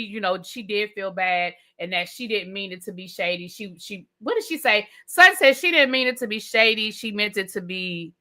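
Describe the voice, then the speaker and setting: A woman's voice: mid-range voice, bright, forceful tone. A woman reviewing a TV show in a live rant, heated and profane, with repetitive slangy outbursts aimed at her viewers. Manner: slangy, addresses viewers as y'all and baby.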